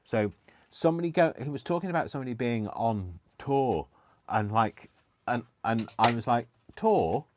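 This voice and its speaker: A man's voice: medium pitch, normal speed, dry recording. A man hosting a live craft stream, chatting casually and self-deprecatingly while he works. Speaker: craft livestream host.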